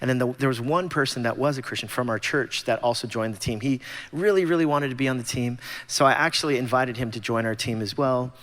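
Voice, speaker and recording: Man in his forties, casual storytelling, mid-pitched voice, long church-hall reverb. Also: fast, fairly bright tone. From Los Angeles, USA. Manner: conversational storytelling with self-deprecating humor. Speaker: guest speaker at church gathering. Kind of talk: personal testimony talk. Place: large church sanctuary.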